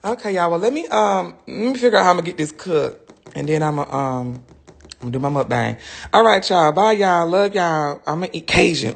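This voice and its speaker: A man's voice: fairly high pitch, fairly quick, vocal fry. A man chatting casually to his viewers on a phone livestream, talking straight to them as he goes.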